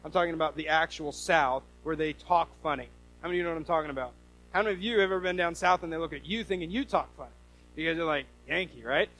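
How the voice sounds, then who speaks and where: A man from the US Northwest preaching a sermon, telling stories with lively quoted voices. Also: a little high, rapid-fire, faint music behind, rough recording. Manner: animated storytelling with quoted voices. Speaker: pastor.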